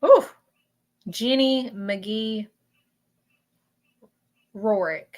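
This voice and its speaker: A woman with a Southern US accent hosting a live stream of spiritual readings, talking in an emotional, halting way that repeats itself. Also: fairly high pitch, a little mellow. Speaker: host doing spiritual readings. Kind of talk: live-stream chat with viewers.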